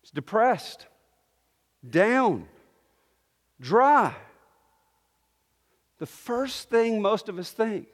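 High-voiced preacher in a reverberant hall. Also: male voice, very animated, extremely slow, long pauses. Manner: earnest, teaching with repeated restarts. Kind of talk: sermon.

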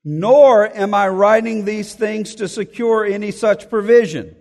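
A male preacher with a fairly high voice works through a scripture passage verse by verse. He reads each verse aloud, then explains it and hammers key phrases through repetition. His voice rings out with a long reverb, as if he is speaking in a large hall. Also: measured pace. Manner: emphatic, repeats key phrases for effect. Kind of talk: expository sermon.

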